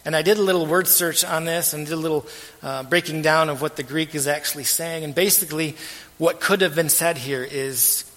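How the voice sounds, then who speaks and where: A man's voice: on the high side, slight background noise. Earnest preaching man in a reverberant hall. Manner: earnest, measured preaching with soft trailing phrase ends. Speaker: pastor. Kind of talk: sermon.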